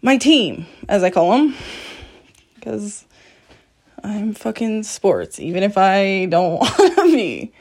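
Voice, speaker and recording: This woman hosts a solo podcast where she speaks frankly, curses without restraint, and laughs often at her own expense. She has a medium, sing-song voice with a slightly mellow, breathy edge, speaking slowly with frequent pauses.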